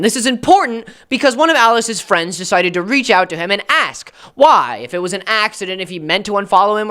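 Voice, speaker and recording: A man's voice: high voice, sharp tone, clean tone. A young American man with an American accent ranting in a sarcastic, rambling commentary style with jokey asides. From United States. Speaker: commentary YouTuber. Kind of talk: commentary rant.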